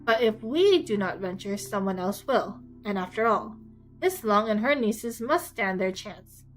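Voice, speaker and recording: A woman voicing a dry, teasing older gentleman, speaking in a wry, unhurried way. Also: mid-range voice, animated, faint music behind, close to an everyday voice, poor audio.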